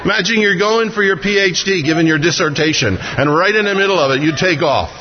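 A man's voice: sits high, animated, brisk, a crowd in the background. A man preaching a sermon as a pastor, conversational and humorous, acting out little voices as he speaks. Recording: dull, lo-fi hall recording with long reverb.

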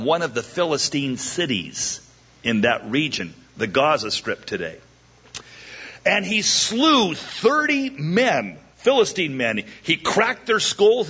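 Animated man preaching a sermon. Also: fairly high pitch, husky, dull audio. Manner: animated, jokey, acts out the characters' lines. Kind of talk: verse-by-verse sermon.

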